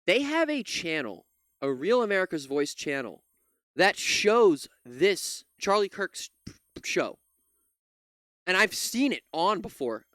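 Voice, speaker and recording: A man rants in angry reaction commentary, swearing freely and sounding exasperated. His pitch swings widely as he talks, and his voice stays smooth and clear throughout. The sound is dry and close. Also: big pitch swings, slow pace, fairly bright tone, dry recording. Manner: profane, exasperated ranting. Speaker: commentary channel host.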